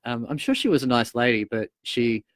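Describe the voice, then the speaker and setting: A man's voice: medium pitch, lively intonation, fairly quick, no room sound. An Australian man, a guest guitarist, chatting casually and telling jokes and stories. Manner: joking, storytelling. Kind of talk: casual chat.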